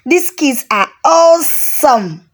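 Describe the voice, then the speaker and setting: A woman narrator voicing a scheming, smooth-talking man with a put-on American accent, breezy and a little bossy. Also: sits high, lively intonation, takes it slowly, pitched above the performer's own voice.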